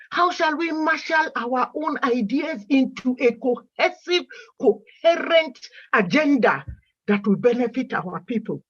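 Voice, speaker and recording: A woman's voice: a little high, breathy edge, lo-fi sound. A woman speaking with emotion on a video call, pleading and asking the same questions again and again. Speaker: caller in an online meeting. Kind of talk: impassioned plea.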